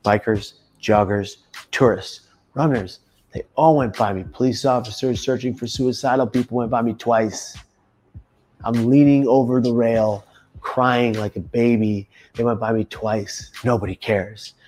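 A man in his thirties telling his own story in an emphatic testimony, rising to loud intense bursts. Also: mid-range voice, steady tone, unhurried. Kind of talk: personal testimony monologue.

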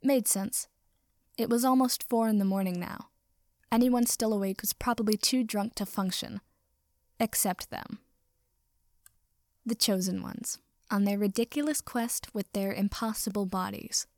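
A woman narrating a story in a measured, even reading. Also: mid-range voice, no room sound.

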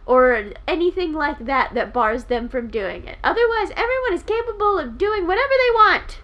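A woman co-hosting a podcast in a casual chat, excitable and teasing, swearing freely. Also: sits high, normal speed, lo-fi sound. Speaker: podcast co-host.

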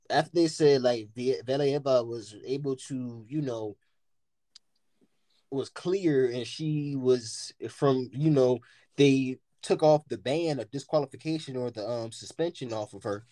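A man co-hosting a casual podcast, reading a news article aloud in a halting way full of filler words. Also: mid-range voice, mellow, dry recording.

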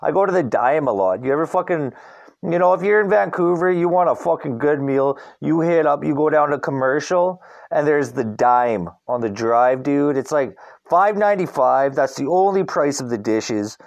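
A man's voice: a little high, expressive, moderate pace, gravelly. A young man from Canada hosting a podcast, rambling in a casual rant and swearing constantly. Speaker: podcast host. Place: Vancouver.

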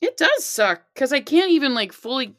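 A middle-aged woman in casual chat, telling animated stories with many fillers. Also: high-pitched, normal speed, dry recording, studio quality.

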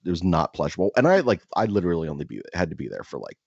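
A man's voice: sits low, sing-song, racing, gravelly, slightly rough, no echo. A man casually telling a rambling story, full of fillers, restarts and swearing. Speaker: podcast co-host. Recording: dull lo-fi, dry.

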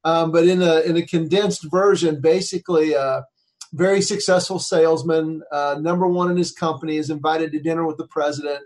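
A man with a slightly higher voice tells a heartfelt story. He is earnest and conversational and acts out the people he quotes. He grows quieter and softer in the emotional parts. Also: fairly even intonation, fairly quick. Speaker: speaker. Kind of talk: storytelling talk.

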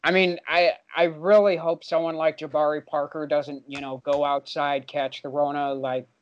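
A man's voice: fairly high pitch, level tone, normal speed, smooth, dull audio. A young man co-hosting a casual sports podcast, hesitant and stammering, laughing along. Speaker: podcast co-host.

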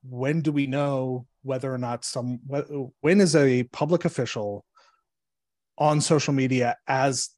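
A male attorney explains court cases as a podcast guest, in an ordinary middle-pitched voice. He talks in a measured, halting way, filling pauses with ums and uhs. The sound is dry and close. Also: darkish tone, no echo.

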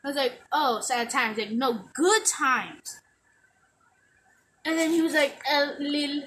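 A woman's voice: high voice, brisk, a bit bright, a little hiss or hum. A teenage girl telling a rambling story to friends, giggling and full of fillers. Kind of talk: casual chat.

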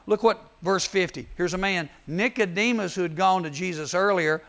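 Gravelly high-voiced preacher. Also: male voice, normal speed, few pauses. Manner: animated storytelling, acts out Bible voices. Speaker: youth speaker. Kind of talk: youth sermon.

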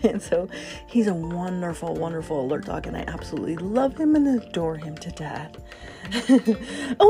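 A woman's voice: mid-range voice, dark tone. A woman hosting a casual morning coffee podcast, chatty and laughing often. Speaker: podcast host.

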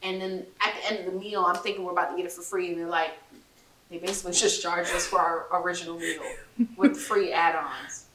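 A woman co-hosting a podcast, telling an animated anecdote in casual slang with frequent laughs. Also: fairly low pitch, fairly quick. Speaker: podcast co-host. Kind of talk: casual storytelling chat. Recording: roomy echo with faint hiss.

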